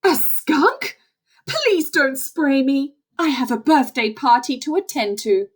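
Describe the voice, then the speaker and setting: A woman voicing a gentle, polite doe who offers kindly to share her food. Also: fairly high pitch, big pitch swings, slow, breathy edge, full character voice. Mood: frightened.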